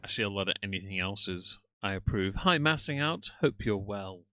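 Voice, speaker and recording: A man's voice: fairly low pitch, lively intonation, moderate pace, bright, forceful tone. A man doing sarcastic live-stream reaction commentary and greeting viewers by name.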